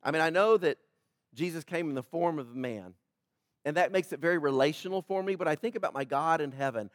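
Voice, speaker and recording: A man preaching a sermon as pastor, swinging from loud emphatic peaks to quiet, slow scripture reading. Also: a little high, no room sound, clean studio sound.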